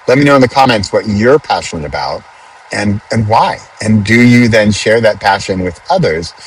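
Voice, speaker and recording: A man hosting a podcast, talking casually from a car on a highway and thinking aloud with frequent restarts. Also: a little hiss or hum, low-quality recording. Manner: chatty, thinks aloud with restarts and self-corrections. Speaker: podcast host. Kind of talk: casual spoken reflection.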